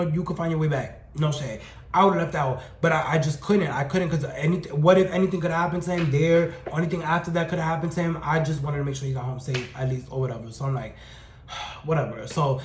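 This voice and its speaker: A young man with a high voice tells his story at a rapid clip, full of slang and swearing. He sounds sassy and animated. The room echoes around him. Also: a little hiss or hum. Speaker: storytime vlogger. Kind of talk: casual storytelling rant.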